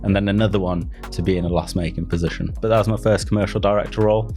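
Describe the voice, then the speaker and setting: Low-voiced Midlands man, easygoing. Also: fairly even intonation, racing, a little mellow, faint music behind. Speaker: guest. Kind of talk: casual interview chat.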